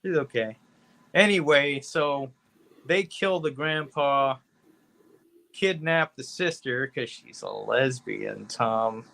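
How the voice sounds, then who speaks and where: A man's voice: medium pitch, takes it slowly, vocal fry, fairly bright tone. A man co-hosting a podcast, reviewing movies in a laid-back, rambling chat full of "you know" and casual swearing. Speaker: podcast co-host.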